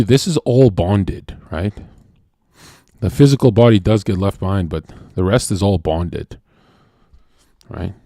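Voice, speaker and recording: A man hosting a livestream and talking to his chat in a blunt, profane rant that swings from shouting to low muttering. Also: no room sound, clean studio sound.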